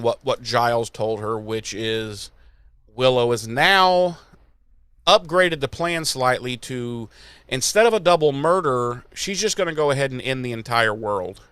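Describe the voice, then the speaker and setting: Animated sweary podcast host. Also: male voice, medium pitch, measured pace, smooth, dry recording. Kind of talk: casual episode recap.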